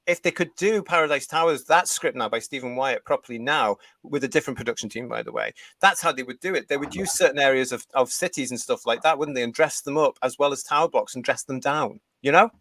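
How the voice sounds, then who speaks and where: A man's voice: medium pitch, quick pace, hardly any pauses, fairly bright tone, no echo. A man from the United Kingdom hosting a live fan review show, reading viewer comments and ranting with strong opinions.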